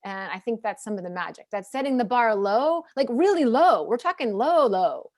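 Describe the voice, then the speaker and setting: A woman in her forties moderating a panel over a video call, chatty and quick to laugh while telling family stories. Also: on the high side, animated, darkish tone, no echo, studio quality. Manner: chatty, laughs easily, plays out family dialogue. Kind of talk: casual panel talk.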